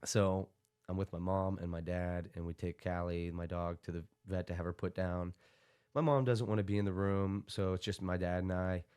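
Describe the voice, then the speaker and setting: A young man with a somewhat low voice tells a long anecdote as a podcast guest. He rambles, fills gaps with "like," and laughs his way through it. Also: steady tone, normal speed, darkish tone, clean tone. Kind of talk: casual storytelling.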